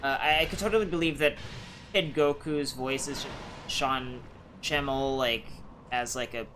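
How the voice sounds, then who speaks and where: A man's voice: mid-range voice, steady tone, normal speed, pushed and bright, slight background noise. A young man streaming a co-op game, chatting in a rambling, hedging way. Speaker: gaming streamer. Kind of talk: casual chat while gaming.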